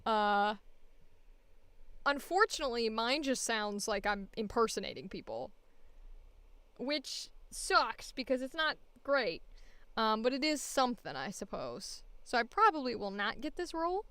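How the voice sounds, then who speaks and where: A woman's voice: on the high side, very animated, unhurried, a bit bright, smooth, no echo. A woman voice actor chatting casually and thinking aloud while she records an audition.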